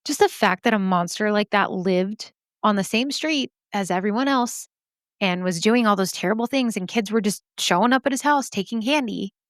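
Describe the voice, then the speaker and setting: A woman's voice: medium pitch, moderate pace, no echo. Candid swearing woman podcast host, dry sound. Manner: candid, swears freely, laughs at herself. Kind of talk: casual chat reacting to listener stories. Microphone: podcast microphone.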